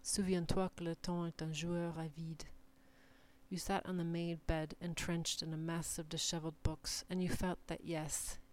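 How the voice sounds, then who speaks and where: A woman giving a measured, deliberate reading of short numbered literary passages. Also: lowish voice, level tone, darkish tone. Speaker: reader.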